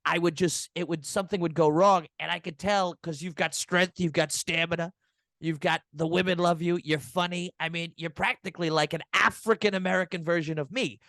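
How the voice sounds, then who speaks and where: A man's voice: fairly high pitch, fairly even intonation, brisk, creaky, fairly bright tone, no room sound, studio quality. A man playing a boastful older male president as a podcast host, rambling and repeating himself with bragging asides in a comedic improvised interview.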